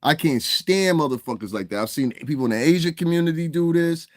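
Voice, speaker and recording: A man's voice: fairly high pitch, animated, brisk, no echo, clean studio sound. A middle-aged man ranting in heated, profane commentary, often asking "you understand what I'm saying". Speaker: commentary vlogger.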